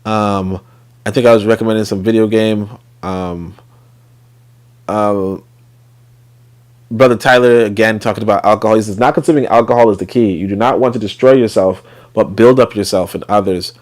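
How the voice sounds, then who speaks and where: A man's voice: on the low side, steady tone, normal speed, a little mellow. A man hosting a casual commentary stream, rambling with many fillers and trailing off. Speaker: host.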